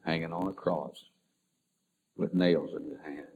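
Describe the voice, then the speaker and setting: A middle-aged man, a pastor, telling an emotional personal story in a sermon, swinging between loud and soft. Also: very deep voice, little pitch movement, moderate pace, creaky, slight background noise. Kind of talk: sermon testimony. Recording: tinny phone-like lo-fi recording.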